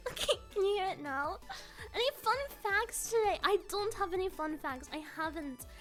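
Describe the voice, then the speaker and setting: A woman live streamer with a very high, bright, sharp voice, chatting in a casual and excitable way. She giggles often and repeats her lines. Faint music plays behind her. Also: moderate pace. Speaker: live streamer with an avatar model.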